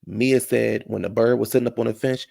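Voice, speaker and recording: A man's voice: mid-range voice, fairly even intonation, a little fast, gravelly, dark tone, no room sound, studio quality. A man recapping a reality show in casual, blunt, profane commentary.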